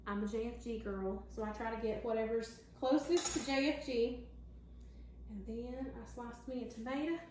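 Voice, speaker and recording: A woman's voice: on the high side, steady tone, normal speed, darkish tone, reverberant, slight background noise. A woman with a Southern American accent, chatting folksily to viewers in a casual cooking vlog from her home kitchen. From Tennessee. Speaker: home cook.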